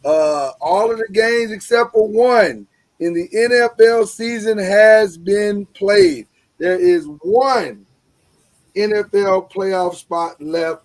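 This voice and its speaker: A man hosting a live sports talk show online, energetic and joking, loose with fillers. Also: a little high. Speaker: host.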